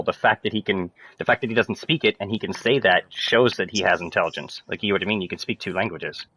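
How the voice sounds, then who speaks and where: A man ranting casually to viewers, rambling, swearing and turning loud and emphatic. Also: sits low, fast talker, hardly any pauses, poor audio. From Canada. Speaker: streamer.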